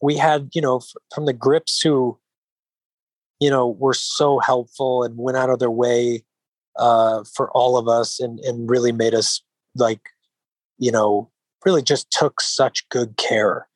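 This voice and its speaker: A man, an actor being interviewed, who talks in an even-keeled, mellow way, rambling with frequent restarts and filler phrases. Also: medium pitch, measured pace, no echo, low-quality recording. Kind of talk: relaxed interview conversation.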